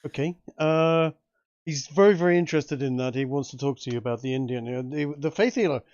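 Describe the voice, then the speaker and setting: A man narrating as game master for a tabletop game, halting with many restarts. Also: medium pitch, a little mellow, no room sound, dull audio.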